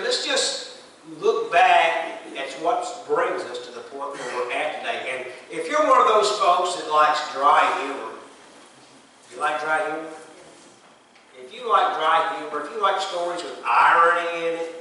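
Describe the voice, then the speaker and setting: A high, bright-voiced man preaches a folksy, animated sermon. His voice rings through an echoey church room, picked up from some distance with faint noise behind. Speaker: pastor. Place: church sanctuary.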